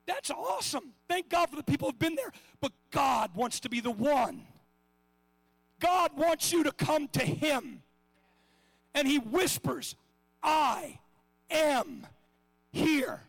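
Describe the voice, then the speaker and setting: A middle-aged man preaching a sermon with passion, swinging between shouts and hushed asides. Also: very high voice, big pitch swings, unhurried, vocal fry, no echo.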